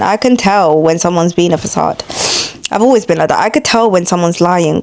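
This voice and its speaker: Blunt, sweary East London young woman. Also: darkish tone. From East London, England. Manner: blunt, sweary and confrontational, addressing viewers directly; mimics other people in high mocking voices. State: tired and laid-back. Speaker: content creator. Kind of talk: casual vlog rant.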